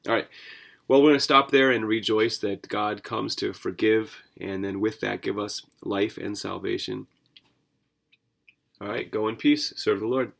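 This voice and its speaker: Male podcast host, low gravelly voice, earnest conversational commentary with asides. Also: fairly even intonation, unhurried, a bit bright. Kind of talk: devotional Bible commentary.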